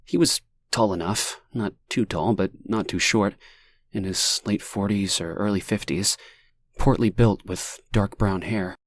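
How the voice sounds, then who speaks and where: A man with a lowish voice narrates an audiobook, reading in a steady, measured way from a script.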